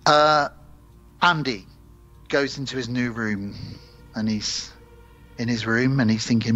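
Husky, bright-voiced podcast host. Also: male voice, mid-range voice, steady tone, unhurried, pauses often, lo-fi sound, faint music behind. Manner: rambling plot recap with swearing and fillers. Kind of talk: casual film review chat.

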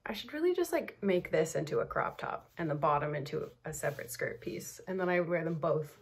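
A woman's voice: lowish voice, animated, a little fast, breathy edge. A woman vlogging at home in a casual get-ready-with-me chat, playful and self-mocking, laughing between her lines. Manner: chatty with bursts of laughter.

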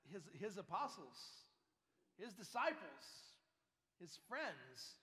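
A man with a high voice preaches a sermon as a priest. He speaks with emphasis and puts rhetorical questions straight to his congregation. His voice rings out with a long reverb through the church. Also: a bit bright.

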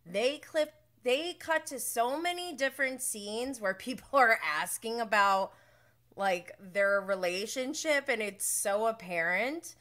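A woman's voice: a little high, measured pace, bright, forceful tone. A woman hosting a casual reality-show recap, rambling and chatty, laughing often and mimicking the people she talks about. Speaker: podcast host.

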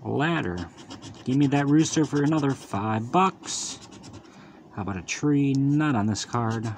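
A man's voice: mid-range voice, expressive, unhurried, a little hiss or hum. A man hosting his own lottery channel, calling out each symbol with casual running commentary and upbeat wisecracks as he scratches tickets.

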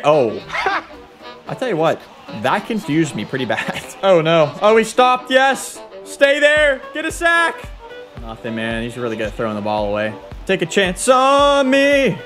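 A young man hosting excited commentary over a football video game, shouting at big plays, his voice cracking now and then. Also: sits high. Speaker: gaming YouTuber. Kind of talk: excited let's-play commentary.

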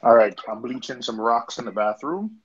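A man's voice: mid-range voice, moderate pace. Joking man on a noisy, muffled call. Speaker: reef hobbyist. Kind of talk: casual group video chat. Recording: muffled call audio with background noise.

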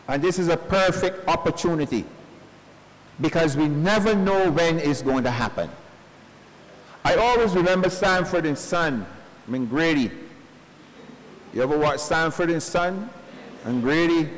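A male pastor giving a funeral sermon in earnest, slow preaching sprinkled with homespun stories, recorded at a church service. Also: fairly high pitch. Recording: long church reverb.

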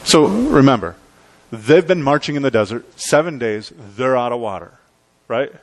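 A male pastor preaching a sermon in a conversational, emphatic way, with dramatic pauses. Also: mid-range voice, expressive.

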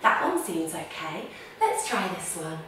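A woman running a story-time yoga class for kids speaks in a lowish, sing-song voice, never rushing. She gasps and makes beeping effects playfully, and the echoey room, distant mic, and noisy background are all noticeable.

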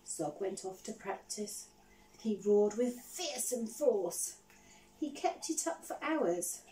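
A woman reads a picture book to a class in a slow, lively, sing-song way, her pitch bouncing high and low. She keeps stopping to ask the children questions. Her voice sounds a little distant from the mic. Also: slight background noise. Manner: animated, asks the listeners questions. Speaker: teacher reading a picture book. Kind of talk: storybook reading to children.

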